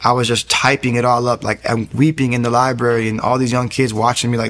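A man's voice: mid-range voice, level tone, fast, fairly bright tone. A man in his thirties, a youth pastor, earnestly telling his faith testimony in a rambling conversational way. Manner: earnest, rambling, full of restarts and acted quotes. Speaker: guest sharing a faith testimony.

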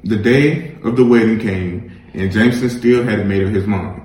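A man reading a children's picture book aloud in a gentle, measured storytelling manner. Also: fairly low pitch, echoey room, rough recording. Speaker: reader.

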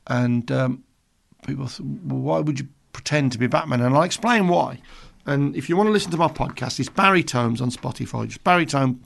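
Older Birmingham man hosting a radio show, gravelly and chatty, rambling into anecdotes between records. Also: medium pitch, a little fast, a bit bright. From England. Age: 60s. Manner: rambling, self-amused storytelling with asides. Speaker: radio presenter.

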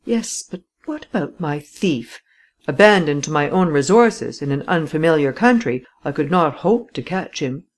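A woman narrating a classic story in the first person, with an expressive delivery. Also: low voice, normal speed. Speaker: audiobook narrator.

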